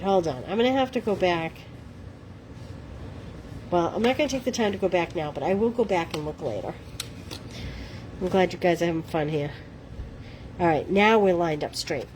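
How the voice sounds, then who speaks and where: A woman's voice: on the low side, a little mellow, slight background noise, poor audio. A middle-aged woman with a Boston accent hosting a live crafting demo, chatting to viewers in a self-deprecating way. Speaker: craft livestream host.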